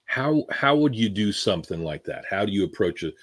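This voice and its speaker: Deep-voiced man hosting an interview. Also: fairly quick, no room sound, studio quality. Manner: relaxed, hesitant questioning with many fillers. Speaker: podcast host. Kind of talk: casual interview.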